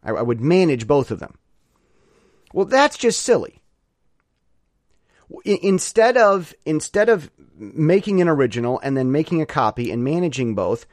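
A man's voice: a little high, dry recording, clean studio sound. A man giving a casual weekly update, rambling through digressions and correcting himself with jokey asides.

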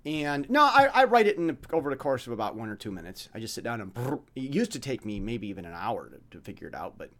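Stammering, lively-voiced male podcast host. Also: medium pitch, quick pace, hardly any pauses. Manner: stammering, frequent restarts, blunt; mimics dramatic voices when illustrating points. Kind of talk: rambling monologue.

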